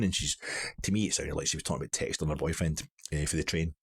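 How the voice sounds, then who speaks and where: A man's voice: a bass voice, steady tone, rapid-fire, slightly rough. A middle-aged man with a Glaswegian accent, telling a rambling, self-mocking story in a casual monologue. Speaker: vlogger.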